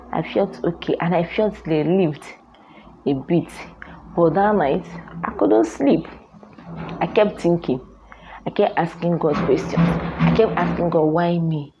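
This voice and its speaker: A woman's voice: lowish voice, dark tone, slight background noise. A young Nigerian woman vlogger with a Nigerian accent, telling her own story in an earnest, emphatic way that repeats phrases for weight. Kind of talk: personal storytelling to camera. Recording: dull lo-fi sound.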